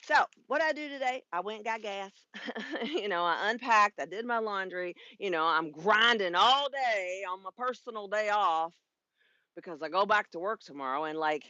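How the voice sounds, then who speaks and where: A woman's voice: mid-range voice, lively intonation, moderate pace, bright, forceful tone, no room sound, highs cut off. A woman in her fifties, a spiritual life coach, talking frankly and casually on a live stream, swearing freely and laughing often. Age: 50s. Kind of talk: casual livestream monologue.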